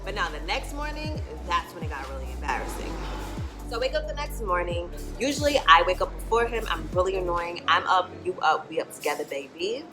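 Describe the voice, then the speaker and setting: Chatty young woman with low voice. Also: expressive, a little fast, rough recording. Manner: chatty and candid, swears freely, fills with "like". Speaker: vlogger. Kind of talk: casual storytime monologue. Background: background music.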